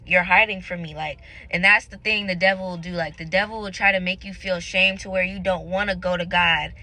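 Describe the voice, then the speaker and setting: Earnest young woman, bright voice. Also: medium pitch, rough recording. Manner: earnest, candid and searching. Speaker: faith vlogger. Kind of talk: casual confessional talk to camera.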